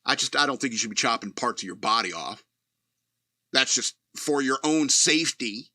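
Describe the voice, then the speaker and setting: A man's voice: mid-range voice, expressive, normal speed, sharp tone, no room sound, studio quality. A man hosting a talk radio show, reading news aloud and giving blunt, profane, sardonic commentary. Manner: blunt, sardonic, profane, laughs at his own jokes.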